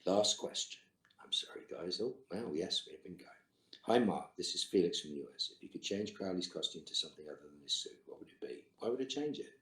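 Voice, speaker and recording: Very deep-voiced man with dry wit. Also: fast, fairly bright tone. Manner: dry, wry, terse quips. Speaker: actor answering fan questions. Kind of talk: virtual fan Q&A, reading questions aloud and answering. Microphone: video call. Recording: roomy echo.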